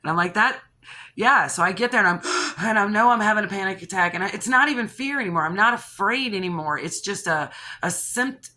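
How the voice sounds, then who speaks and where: A woman talks straight to the camera and spins a personal story in a loose, rambling way. Her voice is bright and sharp, and it stays lively as she restarts sentences and catches her breath between thoughts. It sounds like a casual video diary. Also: mid-range voice, fairly quick. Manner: animated and rambling, with restarts, gasps and laughs. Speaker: channel host.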